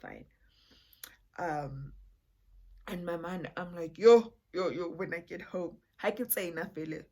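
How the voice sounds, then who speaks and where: Young woman, chatty and rambling, storytime vlogger with a low voice. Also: a little slow, breathy edge. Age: young adult. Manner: rambling, chatty, mixes in Setswana phrases. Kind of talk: casual storytime.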